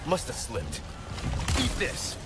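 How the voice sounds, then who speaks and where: Leon, a quippy young agent. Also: male voice, mid-range voice, huge pitch swings, slow. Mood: quipping. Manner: quippy, dry one-liners. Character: wisecracking young male agent, cocky tough guy. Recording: game audio under loud music.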